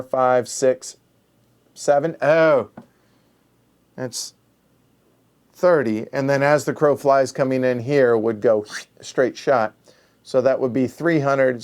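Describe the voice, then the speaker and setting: A man's voice: mid-range voice, a little mellow, clear, resonant tone. A man hosting a solo board game play-through, thinking aloud and muttering counts under his breath as he works out each move.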